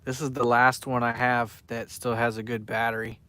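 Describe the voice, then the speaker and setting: A man's voice: medium pitch, flat delivery, moderate pace, pushed and bright. Chatty man live-streaming while fishing. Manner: rambling, chatty, reads out viewer names. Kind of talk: casual live stream chat. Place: outdoors by the water at night.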